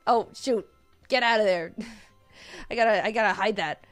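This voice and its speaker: A woman streaming live in casual chat, hoarse and worn out, giggly and excitable, often repeating herself. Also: medium pitch, normal speed, long pauses, soft background music.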